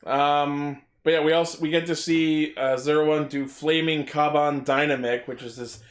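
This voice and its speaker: A man's voice: on the high side, fairly even intonation, moderate pace, echoey room. A man co-hosting a podcast in casual chat, enthusiastically recapping with casual swearing. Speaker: podcast co-host.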